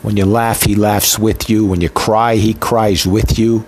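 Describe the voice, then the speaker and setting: A man's voice: on the low side, little pitch movement, unhurried. A man preaching a sermon with an impassioned, emotional delivery built on rhythmic repetition. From Italian heritage.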